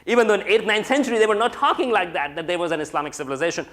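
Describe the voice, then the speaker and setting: A man's voice: sits high, rapid-fire, fairly bright tone. A man giving an academic lecture, talking in a discursive way with many fillers and restarts. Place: lecture room.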